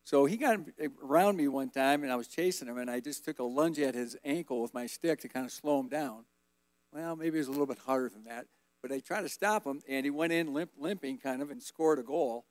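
A man in his fifties giving a relaxed, rambling personal testimony as guest speaker at a church service. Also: medium pitch, brisk, dry recording. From Colorado, USA. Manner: relaxed, folksy, rambling with fillers.

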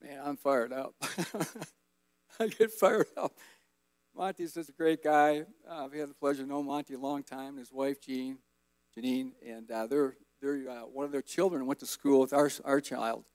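A man in his fifties giving a relaxed, rambling personal testimony as guest speaker at a church service. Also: mid-range voice, normal speed, dry recording. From Colorado, USA. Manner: relaxed, folksy, rambling with fillers.

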